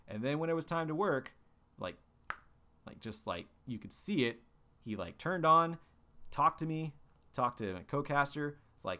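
A man's voice: mid-range voice, lively intonation, moderate pace, pushed and bright. A young man hosting a podcast, telling stories in a loose, rambling way full of fillers and restarts. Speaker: podcast host. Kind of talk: casual monologue.

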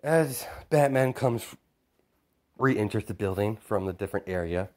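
A man's voice: fairly low pitch, animated, a little slow, a little mellow. A man telling an improvised story in a loose, rambling way, with many fillers and chuckles.

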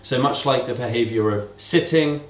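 A man casually explaining how to train a dog in a relaxed, explanatory way, recorded indoors at home. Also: mid-range voice, normal speed, recorded from a distance. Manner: relaxed, explanatory, repeats commands to mimic owners. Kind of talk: casual instructional talk. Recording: roomy echo, speaker away from mic.

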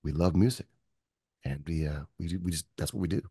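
Deep and husky, this Michigan man's voice moves fairly quickly as he guests in an interview, telling stories and acting out quoted voices with animation. He's a music producer, heard in studio-quality audio without echo.

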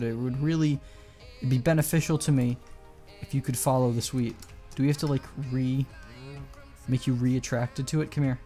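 A man talks through his gameplay in a loose, chatty way, drifting between asides and coaxing animals to follow him. His voice sits at an everyday middle pitch. Soft music plays faintly underneath. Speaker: gameplay commentator. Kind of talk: casual gameplay commentary.

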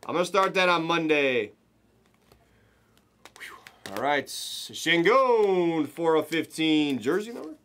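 A man hosting a live card break, giving excited running commentary as he opens packs and chats with viewers. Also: a little high, slow pace, pauses often.

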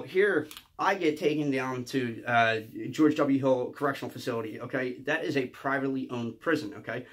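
A man, telling a rambling, profane storytime monologue and ending lines with a quick "okay?". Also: on the high side. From Philadelphia area. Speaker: comedian.

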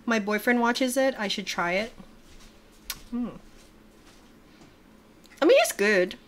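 A woman's voice: a little high, slow pace, slight background noise. A young adult woman hosting a casual reaction livestream from her home desk, chatty, laughing often and swearing casually.

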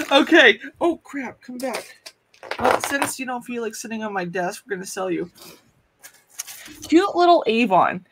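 Woman host for a casual live jewelry sale, a bit higher pitched than most, talkative and quick to laugh. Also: lively intonation, fairly bright tone, a little hiss or hum. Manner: chatty, laughs often, greets viewers by name. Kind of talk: casual live-stream selling chat.

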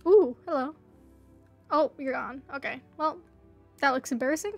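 A woman's voice: high-pitched, normal speed, pauses often, lo-fi sound, faint music behind. A woman livestreaming a game, chatting casually and playfully pleading with other players. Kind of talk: casual gameplay livestream chat.

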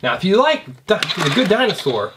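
A man's voice: high-pitched, huge pitch swings, brisk, background noise. A middle-aged man narrating a kids' toy review, chatty and asking the viewer questions.

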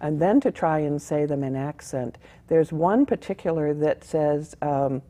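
A woman actor answering interview questions in a friendly, measured way. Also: deep voice, dark tone. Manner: friendly, measured, chuckles at herself. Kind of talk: casual interview.

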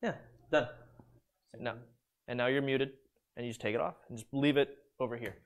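A man's voice: medium pitch, fairly even intonation, moderate pace. A young man streaming from his home kitchen, chatting casually and loosely, with some swearing, while cooking and calling his dogs.

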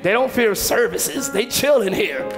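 A man preaching a sermon as pastor in a church, animated, with slangy asides and sudden shouted passages. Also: sits high, measured pace, music in the background. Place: church sanctuary.

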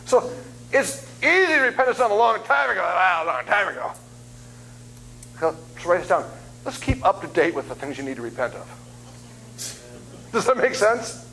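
A middle-aged man delivers a sermon in a church, his voice swinging widely up and down as he jokes with the congregation. His pitch sits a little high, and he breaks into loud put-on voices now and then. A faint hum runs underneath. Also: poor audio. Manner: joking, animated, acts out voices and screams. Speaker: guest preacher. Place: church sanctuary.

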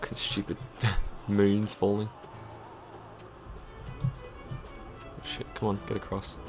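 A man's voice: on the low side, monotone, slow pace, music in the background. A man giving jokey, sweary live gameplay commentary. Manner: sweary, jokey, reacting aloud.

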